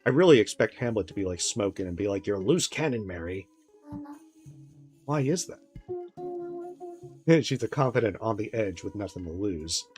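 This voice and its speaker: Very low-voiced woman streamer. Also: animated, quick pace, hardly any pauses, a little mellow. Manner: joking asides that act out game characters. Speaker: streamer playing a story game. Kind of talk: casual let's-play commentary. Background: game music.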